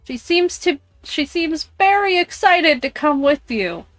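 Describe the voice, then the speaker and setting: A woman's voice: sits high, expressive, measured pace, dry recording, soft background music. A woman streamer playing a game, reading its text aloud and reacting with jumpy, scared comments. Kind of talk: live-streamed game playthrough. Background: headphones on, alone in a room.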